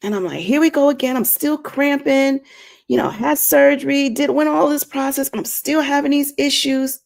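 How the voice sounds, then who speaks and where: Speaking directly to the people watching her stream, a woman gives an earnest, preachy faith-based talk and repeats herself for emphasis. She has a high, gravelly voice and keeps a moderate pace.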